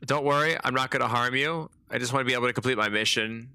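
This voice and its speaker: A man's voice: mid-range voice, fast, sharp tone, clear, resonant tone, dry recording. A man voicing a small, determined robot in a game, reading its lines in an earnest, insistent manner.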